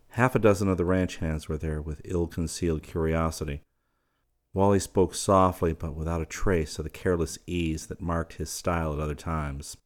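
A man reading an audiobook in a steady, measured narration. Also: low voice.

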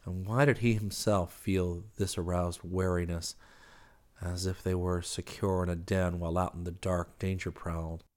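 A man reading a novel aloud as a steady, even audiobook narrator. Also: sits low, normal speed. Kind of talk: scripted narration.

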